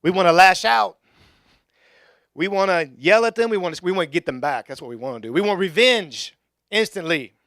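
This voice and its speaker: A young adult male pastor giving a conversational sermon in a church, with joking asides and bursts of excitement. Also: high voice, brisk, dry recording, clean studio sound. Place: church sanctuary.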